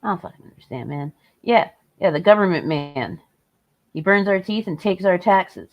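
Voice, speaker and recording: A woman with a lowish voice and lively intonation hosts a livestream at a moderate pace, chatting casually with viewers. She rants sarcastically and swears a lot, and the stream audio is dull and lo-fi.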